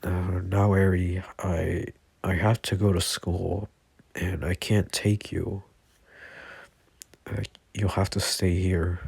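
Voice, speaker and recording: Deku, a man voicing a gentle teen hero. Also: low voice, level tone, slow, creaky, pauses often, slightly rough, no echo, heavily acted. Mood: reassuring. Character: earnest teenage boy hero, caring and gentle.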